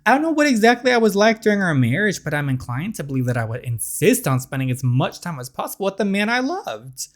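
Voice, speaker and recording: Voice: mid-range voice, sing-song, fast, few pauses, voice pushed up, lightly acted. A reader voicing a poised young woman back from a coma, with dramatic, wistful inner monologue. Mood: probing.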